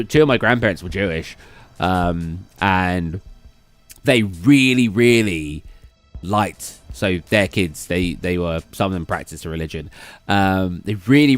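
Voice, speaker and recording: Here the same sort of indoor gaming-computer stream features a low, smooth male voice with no echo. The British man wanders through casual talk, reading viewers' messages out loud and replying to them.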